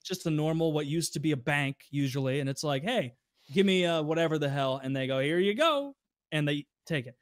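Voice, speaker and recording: Animated storytelling man, dry close mic. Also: fairly high pitch, fairly quick, no echo. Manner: animated, profane, acts out customers in raised voices. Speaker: podcast co-host telling stories. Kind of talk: casual storytelling.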